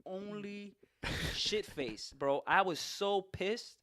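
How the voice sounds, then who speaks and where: A man's voice: high-pitched, takes it slowly. A man hosting a podcast, telling a long story in casual, profane chat and laughing as he goes. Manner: animated, profane, laughs through his story. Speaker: podcast host.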